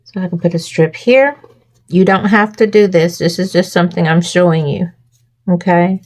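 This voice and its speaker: A woman's voice: fairly low pitch, normal speed, darkish tone. Chatty woman demonstrating a craft project. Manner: chatty, checks in with viewers often. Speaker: craft tutorial host.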